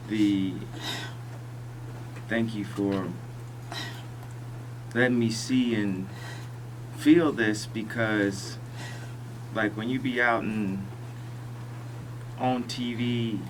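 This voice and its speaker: A man speaking as a radio interview guest, talking in slow, halting phrases that he often restarts. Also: fairly low pitch, steady tone, far from the mic, noisy background.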